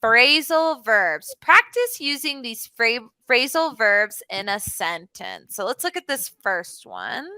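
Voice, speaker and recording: Woman English tutor on a video call: bright, slightly high voice, patient, explains through examples, lots of "like". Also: very animated, slow, hardly any pauses, clear, resonant tone, dry recording, low-quality recording. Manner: patient, explains with many examples and fillers like "like" and "mm-hmm". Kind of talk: online one-to-one English lesson.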